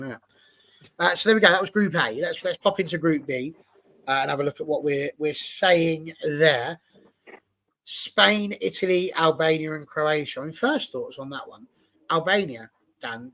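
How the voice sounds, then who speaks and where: A man's voice: a little high, pushed and bright. A man from England hosting a casual football chat show and telling a long story. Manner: storytelling, chatty. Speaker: show host.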